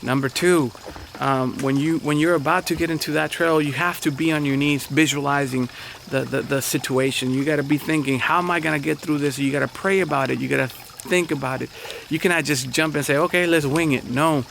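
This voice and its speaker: A man's voice: on the high side, steady tone, fairly quick, gravelly, fairly bright tone, a little hiss or hum. A man preaching as a pastor in an earnest, encouraging way, often repeating and restarting his phrases. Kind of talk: motivational sermon talk.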